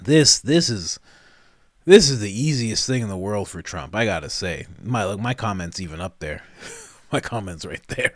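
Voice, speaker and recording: A man hosting a comedic reaction commentary show, animated and breaking into laughter often. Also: lowish voice, unhurried, dry recording, clean studio sound.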